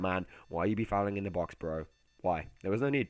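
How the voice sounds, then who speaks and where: Young male gaming commentator, low voice, chatty and excitable, dry close-mic sound. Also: a little fast, dry recording. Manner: chatty, excitable, swings to muttered asides. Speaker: gaming YouTuber. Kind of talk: casual gameplay commentary.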